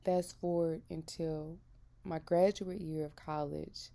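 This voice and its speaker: A woman in her thirties who vlogs about Christianity shares an earnest, emphatic testimony of her faith, full of feeling. She speaks slowly in a low, warm voice with a steady tone and vocal fry.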